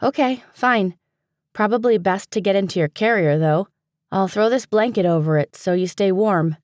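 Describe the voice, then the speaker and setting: A woman voicing an exasperated, quick-tempered young woman who is a librarian. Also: mid-range voice, a little mellow, dry recording, studio quality, voice pushed up, close to an everyday voice. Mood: brisk. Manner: exasperated, snappy.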